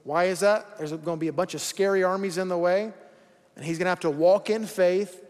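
A man's voice: high-pitched, fairly even intonation, fairly quick, darkish tone. A man preaching a sermon in a casual, joking way, acting out quoted voices as he goes. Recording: long hall reverb.

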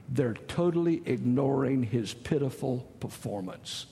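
A man's voice: medium pitch, very animated, moderate pace, gravelly, hardly any pauses, darkish tone, slight background noise. A middle-aged man from the States, preaching a sermon in a folksy, joking, storytelling way. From Southern United States. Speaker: pastor. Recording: long reverb of a large hall.

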